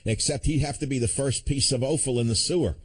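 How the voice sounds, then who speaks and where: A male radio host takes calls and comments on them in a combative, sardonic tone. He often breaks into chuckling asides. His voice sits at an average pitch for a man. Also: quick pace, husky. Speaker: radio talk show host. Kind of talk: call-in talk radio.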